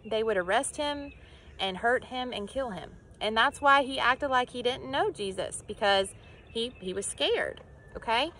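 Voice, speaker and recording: A woman's voice: on the high side, lively intonation, a little slow, pushed and bright, a little hiss or hum. A woman teaching children in church, telling a Bible story with acted-out voices and questions to the kids.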